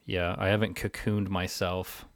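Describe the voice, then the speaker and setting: A man co-hosting a podcast in casual chat, joking dryly and often pausing on filler words. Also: low voice, little pitch movement, no echo, clean studio sound. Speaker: podcast co-host.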